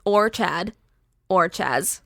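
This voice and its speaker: A young woman podcast host casually pitching a horror story, chatty and animated with lots of filler words. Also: very slow, vocal fry, dry recording, clean studio sound.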